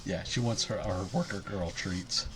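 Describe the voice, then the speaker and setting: A man's voice: deep voice, moderate pace. Guy rambling about his leather hobby, jokey and self-deprecating, faint hiss behind. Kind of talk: casual chat.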